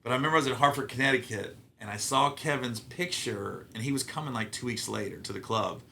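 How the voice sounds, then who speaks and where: Give me a bright, punchy middle-aged man spinning loose, profane show-business stories as a podcast guest. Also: mid-range voice, quick pace, gravelly, slight background noise. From Ohio. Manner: animated, profane, acts out quotes. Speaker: guest comedian. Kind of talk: casual storytelling interview.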